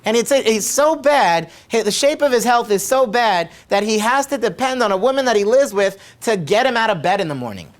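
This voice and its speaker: A man's voice: high-pitched, expressive, fairly quick, hardly any pauses. A middle-aged man, a chiropractor, telling a patient story to camera in a conversational way and repeating his questions for emphasis. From United States.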